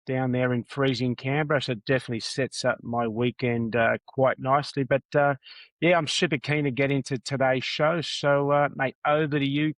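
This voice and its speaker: Relaxed podcast co-host, lots of "uh"s. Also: male voice, medium pitch, dry recording. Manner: relaxed, filler-heavy, chuckling. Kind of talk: casual sports podcast chat.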